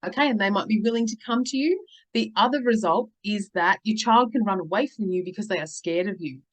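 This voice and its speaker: A woman's voice: medium pitch, fairly quick, poor audio. A middle-aged woman, coaching parents and giving advice to the camera. She sounds earnest and reassuring and keeps checking in with "okay" and "all right.". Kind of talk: talking to camera, advice video.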